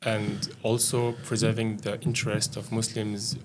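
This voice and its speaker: Host, male, low voice, halting questions, faint room hum. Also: level tone. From France. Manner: hesitant, many fillers and restarts. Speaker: podcast host. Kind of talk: casual interview questions.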